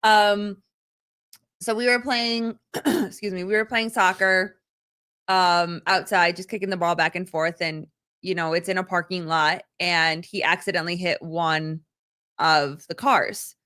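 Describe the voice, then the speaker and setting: A woman co-hosting a casual live call-in stream, telling a family story in a relaxed way with plenty of fillers. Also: fairly low pitch, a little slow, clear, resonant tone. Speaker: co-host.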